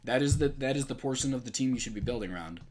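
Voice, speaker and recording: A man's voice: mid-range voice, expressive, rapid-fire, a little mellow. A young man in casual esports debate chat, emphatic and opinionated, often repeating himself mid-sentence.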